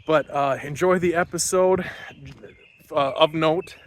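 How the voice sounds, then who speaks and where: A man's voice: on the high side, steady tone, slow pace. Male podcast host, casual rambling intro recorded while walking outside, slightly winded, faint background hiss. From Wisconsin. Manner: loose, rambling, many fillers. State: a little out of breath. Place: outdoors on a morning walk.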